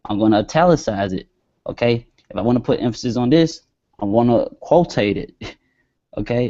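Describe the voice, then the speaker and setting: A man's voice: medium pitch, mellow. Laid-back man teaching over a screen share. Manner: casual, talks while typing, stretches words as he dictates. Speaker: marketing webinar host. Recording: dull lo-fi webinar audio.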